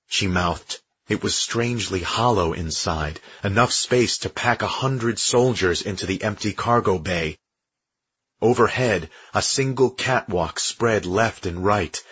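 A man narrating an audiobook in a steady, measured storytelling manner. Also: on the low side, husky, no room sound, highs cut off. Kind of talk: scripted narration.

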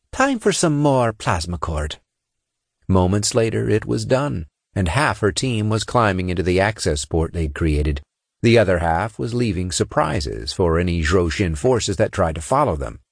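A man narrating a science-fiction audiobook with expressive storytelling and character voices. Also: deep voice, vocal fry, husky, dry recording, clean studio sound.

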